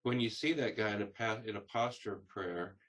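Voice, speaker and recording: A man's voice: on the low side, brisk, a bit bright. Man asking careful, searching questions. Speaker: interviewer. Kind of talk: oral history interview.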